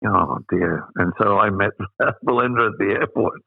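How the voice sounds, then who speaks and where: A man's voice: fairly low pitch, moderate pace, gravelly, husky, no room sound. A man in his eighties from Australia, a guest telling rambling anecdotes and chuckling through his own stories. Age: 80s. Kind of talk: anecdotal storytelling. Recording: tinny phone-like line, dry.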